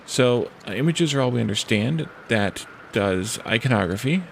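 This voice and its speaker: A man's voice: mid-range voice, expressive, vocal fry, slight background noise. A man streaming a strategy game, casually thinking aloud, hesitating and reading event text from the screen. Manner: hesitant, with pauses and restarts. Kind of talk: casual let's-play commentary.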